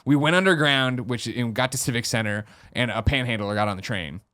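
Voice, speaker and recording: A man's voice: medium pitch, brisk, pushed and bright. A man hosting a podcast, telling a story in casual chat and acting out the people he quotes. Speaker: podcast host. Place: podcast studio.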